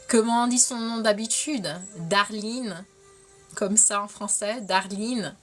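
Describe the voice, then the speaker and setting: A woman's voice: fairly high pitch, fairly even intonation, moderate pace, faint music behind. A woman hosting a casual livestream, bubbly and giggly, slipping between English and French as she answers chat. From Canada. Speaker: livestream host reading chat.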